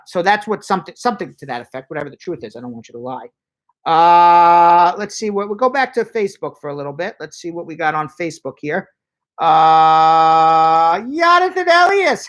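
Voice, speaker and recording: A man who is an immigration lawyer, hosting a live-stream Q&A and reading viewer questions aloud in a brisk, chatty way. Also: on the high side, a bit bright. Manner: brisk and chatty, spells out phone numbers slowly.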